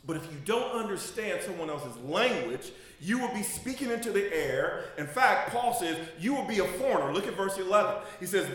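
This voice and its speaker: A man's voice: sits high, very animated, moderate pace, a bit bright. A man preaching a sermon. He jokes, laughs and asks the congregation to fill in the missing words. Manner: joking and laughing. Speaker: pastor. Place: church. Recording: very echoey room. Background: congregation responding.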